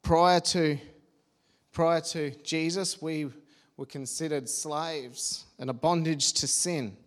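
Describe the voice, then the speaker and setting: A man's voice: fairly high pitch, steady tone, slow. A man preaching a sermon, earnest and personal, with homely asides and the odd restart.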